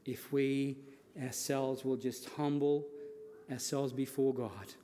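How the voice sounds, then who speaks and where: Slow and warm, with a medium-pitched, level voice, a man preaches as a pastor, earnestly driving his points home by repeating phrases. The sound carries a large hall's long reverb along with a little hiss or hum.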